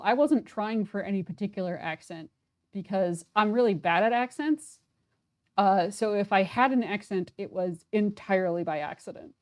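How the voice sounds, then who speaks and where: Slow, chatty woman playing a game. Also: mid-range voice, a little mellow. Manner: chatty and self-deprecating, with fillers. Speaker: game player voicing characters. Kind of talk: casual commentary.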